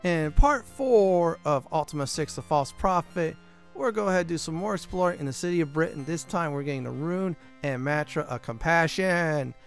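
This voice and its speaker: A man's voice: on the high side, lively intonation, normal speed, vocal fry, faint music behind. A man hosting a let's play, chatting casually with fillers while exploring a game. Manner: casual, rambling, many fillers. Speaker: gaming channel host.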